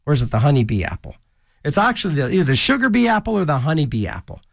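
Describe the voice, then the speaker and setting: Racing along in a very animated, gravelly voice that sits on the high side, a college radio host rambles through silly jokes and funny voices between songs. It's casual DJ chatter from a small studio, recorded dry on a studio microphone.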